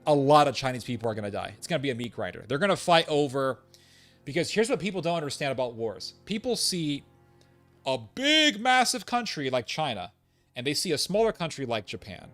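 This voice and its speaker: A man's voice: on the high side, a bit bright. A man giving an opinionated commentary monologue, emphatic and repetitive, with sarcastic asides. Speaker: political commentator.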